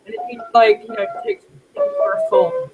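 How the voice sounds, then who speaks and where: A woman's voice: extremely high pitch, moderate pace, vocal fry, phone-quality sound, over loud music. A British woman hosting a casual live chat with friends, laughing often as she talks. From Britain. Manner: giggly, animated, laughs often. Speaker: host.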